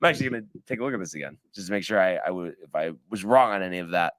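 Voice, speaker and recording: A man co-hosting a casual sports talk show, telling a rambling story with lots of "like" and "you know". His voice swings up and down a great deal and has a bright, forceful edge. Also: deep voice, racing. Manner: animated storyteller, rambling with many fillers. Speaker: podcast co-host.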